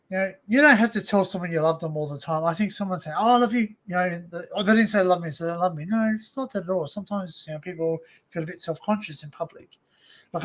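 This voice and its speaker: A man's voice: high-pitched, fairly bright tone. An Australian man hosting a live stream chat from a home setup, talking into a desk microphone in a loose, rambling way full of "you know" and "like". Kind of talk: casual chat.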